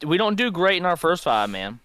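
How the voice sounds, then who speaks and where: Man, podcast co-host, lively pitch, dry close mic, easygoing storyteller. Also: fairly quick, clear, resonant tone, no room sound. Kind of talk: casual storytelling chat.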